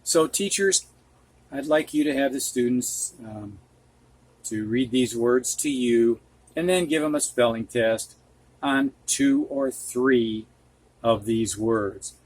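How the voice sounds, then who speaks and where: A man teaching a reading lesson, reading words slowly and repeating them, with patient explanations for teachers. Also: medium pitch, darkish tone, slight background noise. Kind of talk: slow spoken reading lesson.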